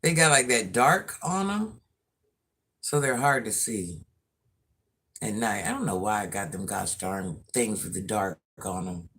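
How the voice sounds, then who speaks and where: A man chatting casually to viewers on a live stream, rambling and musing out loud and repeating himself as he thinks things through. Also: on the low side, expressive, unhurried.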